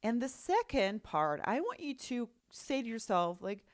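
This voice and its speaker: A woman's voice: on the high side, big pitch swings, a little slow, hardly any pauses, no room sound, clean studio sound. A woman with a Russian accent hosting a solo podcast as a life coach, talking in a reassuring, conversational way and often checking in with "right?" and "okay?".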